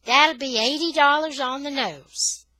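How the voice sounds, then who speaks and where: A woman reading aloud, voicing a brisk, chatty shop lady at a secondhand store. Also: high-pitched, pushed and bright, no echo, voice pushed up.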